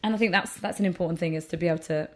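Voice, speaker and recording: A woman's voice: fairly low pitch, noisy background. A woman comedian, chatting casually in an interview and acting out the people in her stories. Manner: animated storyteller, quick to act out quotes. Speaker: stand-up comedian and character act.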